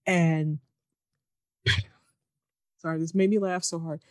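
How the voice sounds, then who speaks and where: Animated woman in casual recap chat. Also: low voice, dry recording. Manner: animated, mocking, quick quoting of characters. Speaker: podcast co-host recapping a TV episode.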